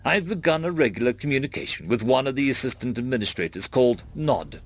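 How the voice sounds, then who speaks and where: A man narrating a story in a measured, expressive storytelling style. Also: mid-range voice, no echo, soft background music.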